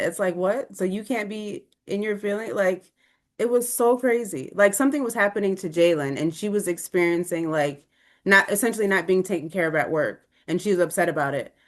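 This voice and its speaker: A woman with a low voice for a woman speaks over a video call, animated and conversational and reacting openly as she goes. She is co-leading a live online discussion. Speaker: webinar co-presenter.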